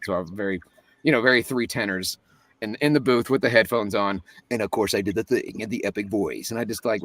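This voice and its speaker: A man's voice: lowish voice, fairly bright tone, dry recording, far from the mic. A man, a voice actor, talking as a guest in a casual interview, chatty and joking, often laughing.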